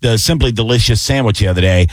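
A man's voice: lowish voice, fast, dry recording. A man who makes food videos, chatting casually and animatedly, often restarting his sentences. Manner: animated, acts out quotes in raised voice. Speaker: food content creator. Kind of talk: casual chat.

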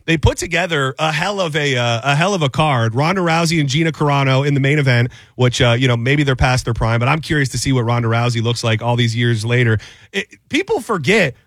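A man's voice: medium pitch, fairly quick, fairly bright tone, dry recording. A man co-hosting a podcast, chatting casually and loosely, often restarting his sentences. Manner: rambling, loose, trails off and restarts. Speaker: podcast co-host. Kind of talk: casual chat.

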